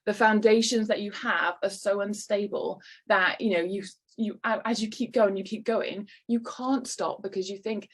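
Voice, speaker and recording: A woman's voice: medium pitch, fairly even intonation, normal speed, few pauses. A woman giving an encouraging online workshop talk to business owners over a video call. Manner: encouraging, lightly acts out quoted voices.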